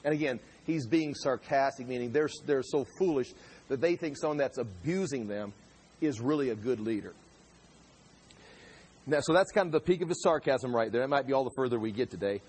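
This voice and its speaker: A man's voice: mid-range voice, brisk, darkish tone, breathy edge. A man teaching a conversational sermon as a pastor, explaining scripture verse by verse, often repeating and restarting his words. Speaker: pastor teaching a Bible study.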